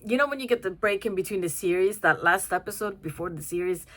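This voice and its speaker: A young woman giving a chatty, casual film review, full of fillers and restarts and quick to laugh. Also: mid-range voice.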